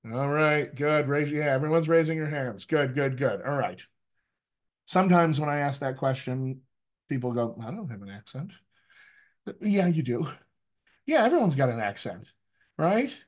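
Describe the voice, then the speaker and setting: A middle-aged man leads an accent workshop for actors, his voice sitting a little high for a man. He talks to the group directly and lively, tagging his points with quick questions. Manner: lively, addresses the group directly, frequent "right?" tags. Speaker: dialect coach. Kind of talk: energetic workshop talk.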